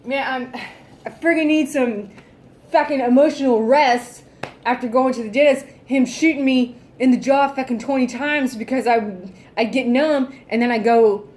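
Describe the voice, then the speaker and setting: A woman's voice: high voice, normal speed, a little mellow. Fed-up, foul-mouthed woman venting. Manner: exasperated, heavily profane, sighing. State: fed up and irritable. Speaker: vlogger. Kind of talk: casual ranting vlog.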